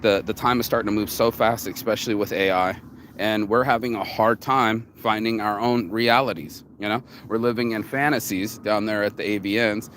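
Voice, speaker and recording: A man's voice: on the low side, fairly even intonation, normal speed, a bit bright, a little hiss or hum. A man vlogging outdoors in a rambling casual monologue, cocky and profane, circling back and restarting his thoughts. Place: outdoors in the sun.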